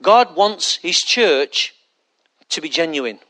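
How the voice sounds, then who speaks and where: Male pastor, high and bright, conversational sermon with rhetorical questions. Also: expressive, slow.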